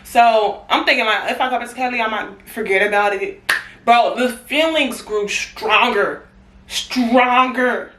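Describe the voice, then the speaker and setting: A young woman in a casual storytime vlog, animated and slangy, swearing and laughing often. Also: a little high, measured pace. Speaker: vlogger. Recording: roomy echo.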